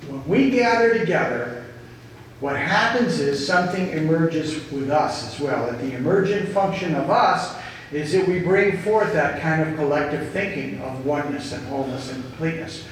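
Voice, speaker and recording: A man giving an earnest inspirational talk to a gathered group, telling stories slowly and with emphasis. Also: fairly high pitch, expressive, slight background noise. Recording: echoey hall, distant mic.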